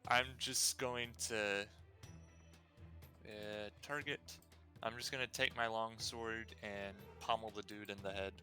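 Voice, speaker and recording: A man taking his turn as a player in an online tabletop game, easygoing and halting with fillers. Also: on the low side, steady tone, pushed and bright, faint music behind. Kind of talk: casual tabletop game chat.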